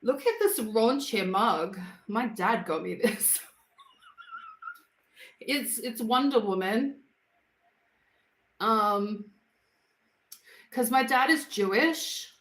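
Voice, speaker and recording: A woman's voice: on the high side, drawn-out words, long pauses, a bit bright. A woman with an Australian accent, hosting a casual livestream from home and chatting playfully with viewers in slang. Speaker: livestream host. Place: home, moving into the kitchen. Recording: roomy home recording.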